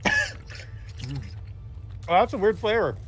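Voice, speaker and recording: A man's voice: high-pitched, wildly swooping pitch, slow, fairly bright tone, slightly rough. A man co-hosting a gaming stream, reacting nervously and laughing while eating hot wings.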